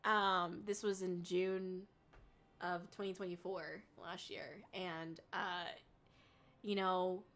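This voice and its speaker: A young woman streaming live, chatting casually with viewers, rambling and swearing often, and shrieking with excitement when she thanks them. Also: lowish voice, slow, a little hiss or hum. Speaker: VTuber streamer.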